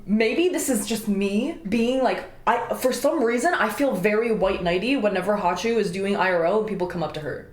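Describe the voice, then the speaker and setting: A woman's voice: mid-range voice, moderate pace, few pauses, echoey room. A woman streamer chatting casually while reacting to clips, laughing often and swearing freely. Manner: giggly, swears often, animated.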